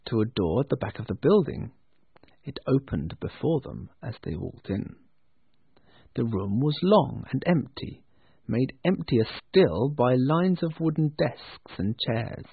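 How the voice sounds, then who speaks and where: A man narrating a storybook with an expressive, lingering delivery. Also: mid-range voice, measured pace, gravelly, breathy edge, no echo. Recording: tinny phone-like dry sound.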